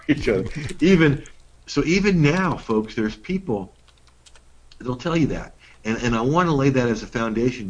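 A man's voice: mid-range voice, breathy edge, dull audio. A middle-aged man co-hosting a workshop, talking in a casual, folksy way with playful emphasis. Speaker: workshop co-host. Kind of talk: casual teaching talk.

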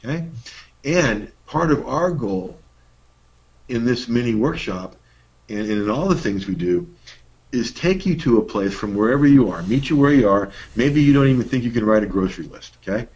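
A man's voice: medium pitch, expressive, normal speed, darkish tone, breathy edge. A middle-aged man co-hosting a workshop, talking in a casual, folksy way with playful emphasis. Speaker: workshop co-host. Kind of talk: casual teaching talk.

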